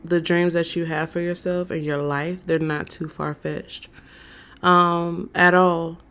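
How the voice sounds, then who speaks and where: A woman doing a live-streamed tarot reading, talking slowly with many fillers and answering chat messages. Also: on the low side, level tone, fairly bright tone, clean tone. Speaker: tarot reader.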